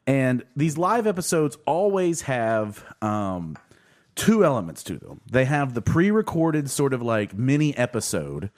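A man hosting a casual podcast with friends, his voice rising and falling a lot as he talks. He rambles through stories, fills them with swearing and restarts, and stays loose and chatty. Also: measured pace. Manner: rambling, swearing, lively pitch. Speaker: podcast host.

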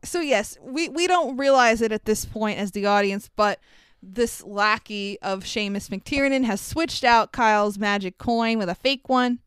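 A woman's voice: a little high, measured pace, clean tone, no echo, clean studio sound. A woman co-hosting a podcast, retelling a movie with laughs and swearing. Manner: laughing, profane, animated retelling. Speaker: podcast co-host. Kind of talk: casual movie recap chat.

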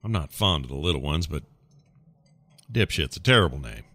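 A man's voice: rumbling low, animated, fairly quick, sharp tone. A man playing a tabletop role-playing game, talking in a drawling, folksy way. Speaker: player.

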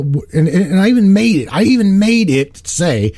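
A man telling a story in a casual chat, animated, often repeating words and acting out the lines of the people in it. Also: fairly high pitch, moderate pace, few pauses, no echo. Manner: animated, repeats words, acts out quoted dialogue. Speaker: guest telling of spiritual work.

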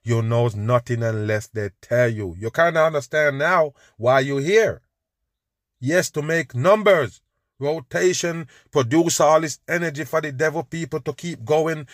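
A man's voice: a little high, a little slow, no room sound, clean studio sound. A man, hosting a podcast and ranting with scorn over video clips, calling his listeners "people" again and again. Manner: scornful, preachy, repeats "people". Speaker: podcast host reacting to clips.

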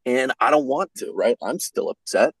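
A man's voice: medium pitch, expressive, moderate pace, breathy edge, dry recording, low-quality recording. A man guesting on a podcast, telling a folksy, rambling story in casual chat with lots of fillers.

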